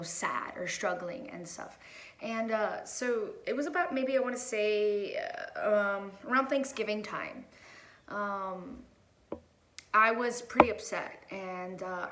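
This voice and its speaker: Woman, 30s, mother vlogging a personal story; bright, tense voice; rambling and emotional; echoey room. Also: mid-range voice. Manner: emotional, rambling with many fillers and restarts. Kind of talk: casual heartfelt vlog.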